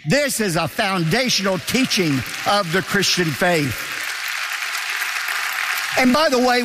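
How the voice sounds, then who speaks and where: A man's voice: high-pitched, sharp tone, big-room sound. A man preaching a sermon as pastor, emphatic, asking rhetorical questions and hammering points home with repetition.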